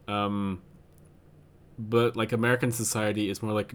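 A man with a fairly low voice co-hosts a casual podcast chat. He thinks aloud in a hesitant way, full of fillers and false starts. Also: little pitch movement, normal speed, pauses often, smooth. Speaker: podcast co-host.

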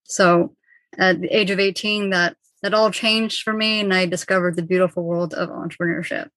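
A woman in her twenties from Ontario, speaking calmly and soothingly as an interview guest on a video call. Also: fairly low pitch, no echo. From Ontario, Canada. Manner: calm, soothing, measured. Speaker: guest, mindset coach.

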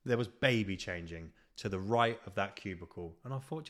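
A British podcast host launches into a sweary, exasperated comedic rant that pokes fun at himself. His voice is on the low side and fairly bright, moving at a moderate pace with barely any pauses, captured on a podcast mic.

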